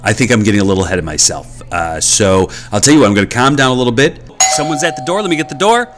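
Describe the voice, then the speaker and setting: A man's voice: on the low side, fast. A man hosting a podcast, doing a rambling, mock-outraged comedic monologue full of fillers. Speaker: podcast host.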